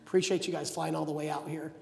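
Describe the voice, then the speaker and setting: A stern executive speaks quietly and firmly, in a lowered, measured voice, as a man acts him out. A long hall reverb trails each phrase. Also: little pitch movement, vocal fry. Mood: cold. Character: calm, stern male executive. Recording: echoey hall.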